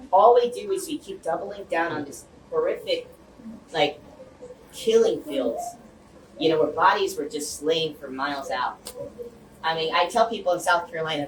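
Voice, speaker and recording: A man's voice: on the high side, a bit bright. Man rambling through a heartfelt speech, far from the mic, roomy hall, faint hum behind. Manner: rambling and earnest, many fillers and restarts. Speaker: guest speaker. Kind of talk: impassioned speech to a community group.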